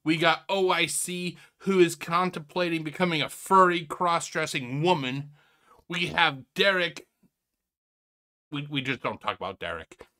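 A man hosting a reaction video, laughing often, swearing and mocking what he watches while addressing viewers as ladies and gentlemen. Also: a little high, unhurried. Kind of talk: casual reaction commentary.

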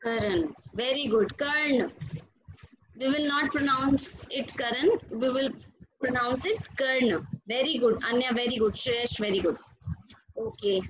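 Slow high-voiced Indian teacher. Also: female voice, highs cut off, a little hiss or hum. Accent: Indian English. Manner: patient, repeats names and questions, praises students. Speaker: school teacher. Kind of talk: online class over video call. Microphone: video call.

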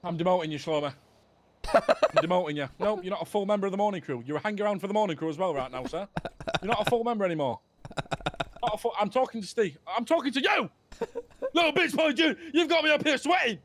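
A man's voice: high-pitched, expressive, quick pace, pauses often, no room sound. A man voicing a hot-headed young male crew boss in a game role-play, ranting and swearing. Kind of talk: GTA role-play voice chat.

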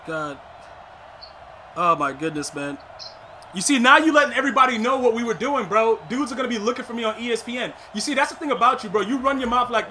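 A man streaming a football video game, talking fast and loose in street slang, trash-talking and joking between plays. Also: sits high, a little hiss or hum. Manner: excitable slangy trash talk. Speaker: gaming streamer. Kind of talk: live gameplay commentary.

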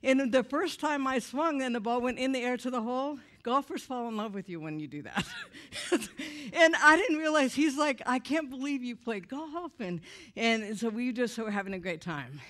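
A woman with an animated, humorous storytelling manner tells a personal testimony to a church audience. She moves through her story quickly and acts out the voices of the people in it. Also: fairly high pitch. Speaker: speaker giving a personal testimony. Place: church event before an audience.

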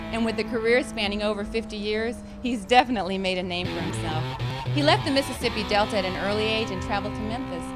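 A woman host reads a scripted biography in a plain, informative way. Her pitch sits in a middle range, and a blues track plays clearly underneath. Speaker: show host narrating an artist biography. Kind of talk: scripted narration. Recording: voice-over with clear music bed.

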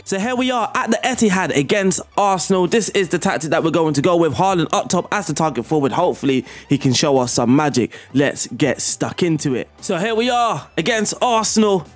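Excitable guy talking through his football game tactics, kinda high voice, faint music behind. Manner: chatty, excitable, laughs at himself. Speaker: gaming YouTuber. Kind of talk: video game tactics walkthrough and commentary.

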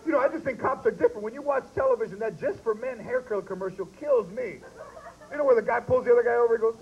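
Punchy high-voiced male comedian. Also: creaky. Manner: punchy, quick bits with voiced characters. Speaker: stand-up comedian. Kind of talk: stand-up comedy set. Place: live comedy stage. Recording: dull lo-fi live recording with faint hiss.

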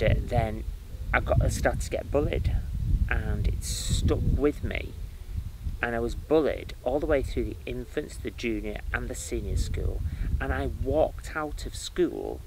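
A man who works as a spiritual medium, telling his life story in an interview with lively starts and restarts. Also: mid-range voice, unhurried, creaky, background noise. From United Kingdom. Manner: animated storytelling with many restarts and fillers.

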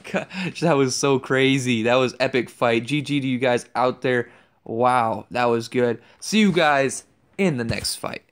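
A young man giving excitable commentary over a game he is playing, trash-talking opponents. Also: medium pitch, unhurried. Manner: excitable, yelps and trash-talks. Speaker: gaming YouTuber.

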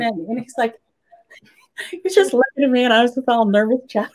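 An older woman appears as a podcast guest, animatedly telling a story and acting out things she once said, in a casual interview setting. Her voice is on the high side and darkish, steady in tone, and she talks fast.

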